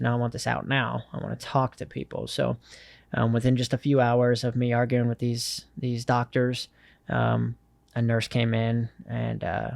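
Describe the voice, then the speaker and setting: Young man, interview guest, gravelly voice, dry sound, earnest storytelling, lots of pauses. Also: mid-range voice, darkish tone, no echo. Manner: earnest, with many fillers and pauses. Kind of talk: personal storytelling.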